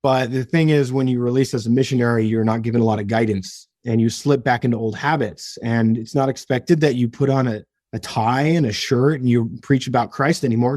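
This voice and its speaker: A man's voice: medium pitch, a little fast, a little mellow, no room sound, studio quality. A young man, a podcast guest, telling his own story earnestly and emotionally, often restarting his sentences. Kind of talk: personal story in an interview.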